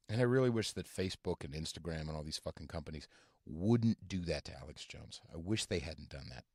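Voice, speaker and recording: A man hosting a podcast from inside his car, ranting casually and profanely in a halting, rambling way full of fillers. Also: low voice, a little mellow, husky, dry recording, clean studio sound. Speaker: podcast host. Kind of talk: casual rant.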